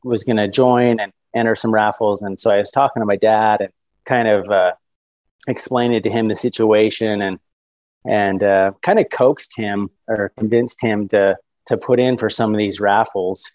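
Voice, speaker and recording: A man in his thirties telling a story as a podcast guest, eager and animated. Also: lowish voice, normal speed, no room sound, rough recording. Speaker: guest hunter.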